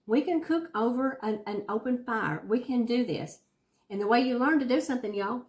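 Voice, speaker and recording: Southern woman, cooking-channel host, homey and encouraging, mid pitch, echoey kitchen sound. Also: darkish tone. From Southern United States. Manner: folksy, chatty, encouraging. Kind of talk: casual cooking demonstration. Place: home kitchen.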